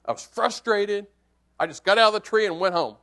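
His sermon leans on a hunting anecdote, told with conversational energy that swings between quiet hush and excitement. This preacher's voice sits high, and he speaks briskly.

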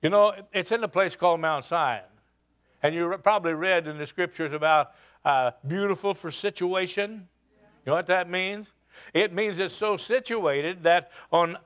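A man's voice: high-pitched, fairly bright tone. A man preaching a sermon, retelling a scripture story dramatically with rhetorical questions.

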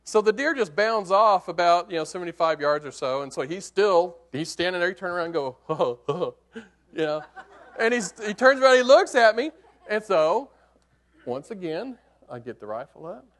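A man preaching, telling a hunting story as a sermon illustration in an animated, conversational way that swings from hushed to excited. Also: sits high, moderate pace.

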